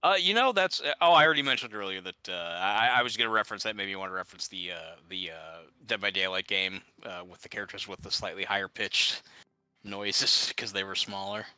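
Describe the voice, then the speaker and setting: A man's voice: on the low side, brisk, sharp tone, clean tone, no room sound, poor audio. A man chatting casually while gaming, ranting with exasperation and many restarts. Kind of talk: casual chat.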